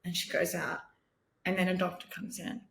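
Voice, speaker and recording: A woman's voice: on the low side, little pitch movement, normal speed, vocal fry, roomy sound, slight background noise. A woman in her thirties with an Australian accent, candidly telling her own patient story in a conversational way and acting out what others said to her. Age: 30s. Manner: candid, conversational, acts out quoted dialogue, laughs wryly. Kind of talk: personal storytelling interview.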